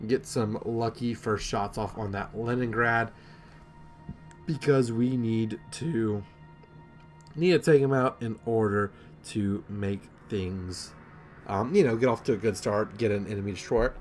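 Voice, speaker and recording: Young male gameplay commentator, low-pitched, chatty and self-mocking, faint music bed. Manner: rambling, self-deprecating, many ums.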